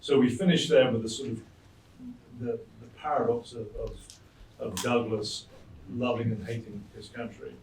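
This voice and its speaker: A man moderating an audience Q&A, halting and searching for words. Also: mid-range voice, steady tone, darkish tone. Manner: halting, many fillers and restarts. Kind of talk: hosting an audience Q&A. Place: lecture hall. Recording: echoey room, mic far off, faint noise.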